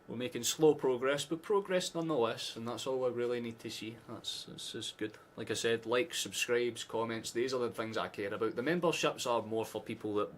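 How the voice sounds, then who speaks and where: A man's voice: medium pitch, brisk, hardly any pauses, slight background noise. Sweary Scottish man in a casual football watchalong. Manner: chatty, sarcastic, swears freely. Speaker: streamer hosting a football watchalong. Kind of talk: casual live match chat.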